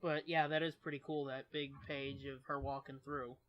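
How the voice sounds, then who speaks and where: A man's voice: mid-range voice, level tone, moderate pace, a bit bright, dry recording, dull audio. A man co-hosting a podcast, chatting casually about comics, laid-back and swearing freely. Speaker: podcast co-host. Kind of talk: casual comic-book review chat.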